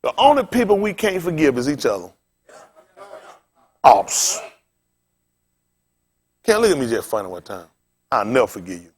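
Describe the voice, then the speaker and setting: A man's voice: mid-range voice, big pitch swings, normal speed, long pauses. A male pastor preaching in a storytelling style, acting out the voices of people in his stories and laughing often. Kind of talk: sermon with storytelling.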